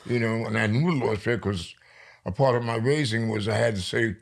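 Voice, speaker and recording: Older New York man, gravelly voice, lively storyteller guest on an interview show. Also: on the low side. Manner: lively storyteller, slows down for emphasis. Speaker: poet guest.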